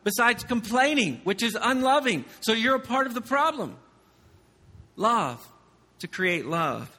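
A male pastor preaches in a high, bright voice that carries through a reverberant church hall. He swings between loud emphasis and quiet, confiding storytelling. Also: sing-song, a little slow. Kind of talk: sermon.

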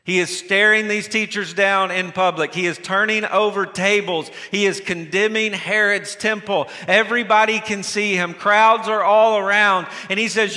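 Bright-voiced preacher in a reverberant hall. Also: male voice, high-pitched, normal speed, hardly any pauses. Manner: animated storytelling, acts out the scenes with sudden restarts. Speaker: pastor. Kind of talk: sermon. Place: church sanctuary. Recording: long reverb of a large hall.

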